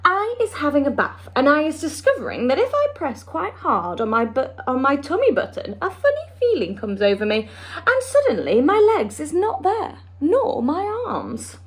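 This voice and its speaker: Woman reading as an excited boastful boy. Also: high-pitched, moderate pace. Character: boastful young boy dreamer.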